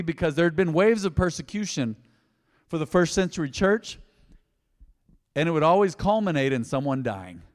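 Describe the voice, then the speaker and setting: A man preaching a sermon, telling a story and acting out the lines with lively swings in loudness. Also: mid-range voice, big-room sound. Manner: animated preaching, acting out quotes. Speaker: pastor.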